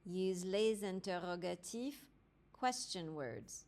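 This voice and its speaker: Woman french teacher going through a lesson real slow, clear and deliberate, medium pitch. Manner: clear and deliberate, spelling out grammar formulas step by step. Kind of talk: slow instructional lesson narration.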